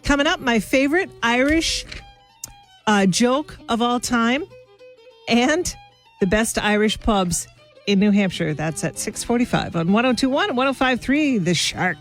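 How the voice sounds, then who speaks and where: A woman's voice: on the high side, lively intonation, unhurried, soft background music. A woman hosting a morning radio show, chatting casually and self-deprecatingly with her listeners as if they were friends.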